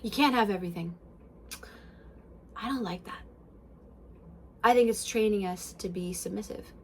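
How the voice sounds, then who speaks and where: A woman hosting a podcast, giving an emphatic spiritual self-help monologue full of swearing that swings between loud and hushed. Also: mid-range voice, normal speed, a little hiss or hum. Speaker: podcast host.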